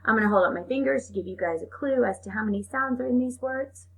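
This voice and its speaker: A woman teaching a phonics lesson to young children at a slow, deliberate pace, praising and drawing out sounds. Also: fairly high pitch, gravelly. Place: home.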